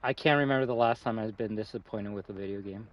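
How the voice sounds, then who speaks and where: A man's voice: fairly low pitch, fast. A man live-streaming a game, talking casually and rambling, swearing often and restarting his sentences. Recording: slightly muffled with faint music.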